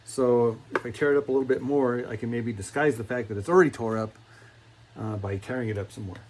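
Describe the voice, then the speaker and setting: A man's voice: mid-range voice, quick pace, background noise. A man with a folksy, rambling manner who often repeats himself, giving a casual step-by-step demonstration at his workbench in a home workshop. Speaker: cigar box guitar builder.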